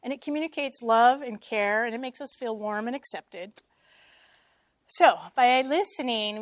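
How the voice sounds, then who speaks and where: A woman speaks to a church congregation in a casual teaching style. She jokes about herself and drops quick asides. Her voice sits fairly high, and the sound is dry and close. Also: no room sound. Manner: self-deprecating, joking, lively asides.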